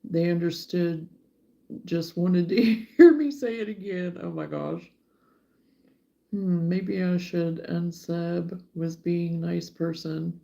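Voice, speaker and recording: Arkansas lady hosting a livestream, gravelly low voice, chatty, laughs a lot. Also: fairly even intonation, slow pace, warm tone. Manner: chatty, laughs often, addresses viewers by name. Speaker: livestream host. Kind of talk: casual livestream chat, answering viewer comments.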